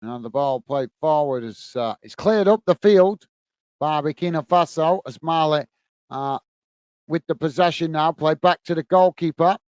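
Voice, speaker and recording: A man's voice: on the high side, normal speed, darkish tone, no room sound. A man with a British accent hosting a football watch-along, calling the play and chatting with viewers by name, with frequent "uh" fillers. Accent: British English. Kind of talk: live football commentary and chat reading.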